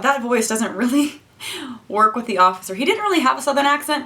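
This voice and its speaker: A woman's voice: fairly high pitch, animated, fairly quick, pushed and bright, soft background music. Wry, chatty young woman vlogger. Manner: chatty, wry, self-mocking. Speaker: YouTuber. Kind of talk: storytelling vlog. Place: home room with camera lights.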